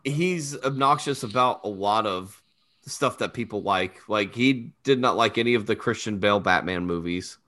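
Brief: male co-host, bright forceful tone, quick crude jokes. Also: on the low side. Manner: wry crude quips. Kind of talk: casual podcast chat.

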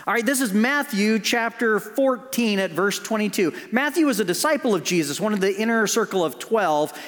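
A man's voice: sits high, long reverb tail. A male pastor preaching a sermon in an earnest, conversational way.

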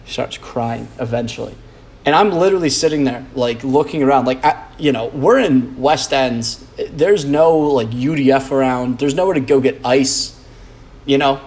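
A man talks through a loose, rambling podcast monologue. His delivery is blunt and profane, packed with fillers and false starts, and his pitch sits in the middle range. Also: moderate pace, darkish tone. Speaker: podcast host.

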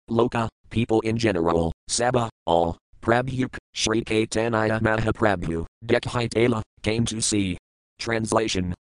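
A man reading scripture verses aloud in a measured, deliberate way, with word-by-word glosses and translations. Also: medium pitch, clean tone, no room sound, poor audio. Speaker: scripture reader.

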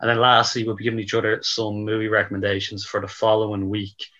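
Bright-voiced man hosting, lo-fi. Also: on the low side, monotone, fast. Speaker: podcast host. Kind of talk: casual podcast intro. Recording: dull, lo-fi sound.

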